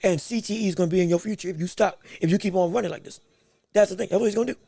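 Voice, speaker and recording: A man's voice: high voice, very fast, vocal fry, warm tone, no room sound. A man hosting a podcast, giving emphatic live fight commentary with repeated phrases and joking banter with the chat. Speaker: podcast host.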